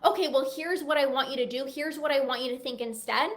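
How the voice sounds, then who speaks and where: High-voiced enthusiastic woman coach. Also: fast. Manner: enthusiastic, emphatic, acts out clients' worried thoughts. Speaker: binge eating coach. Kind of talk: direct-to-camera pitch.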